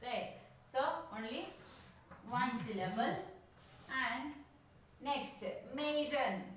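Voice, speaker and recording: A woman teacher giving a lesson, slowly repeating each word as she counts syllables. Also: fairly high pitch, fairly bright tone, distant mic. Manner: slow, repeats each word many times. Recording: echoey room, voice from afar, faint noise.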